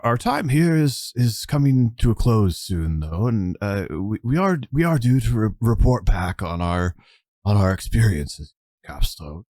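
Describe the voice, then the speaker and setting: A man voicing an old male elf priest who speaks formally and haltingly. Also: fairly low pitch, darkish tone, no room sound, clean studio sound, pitched above the performer's own voice.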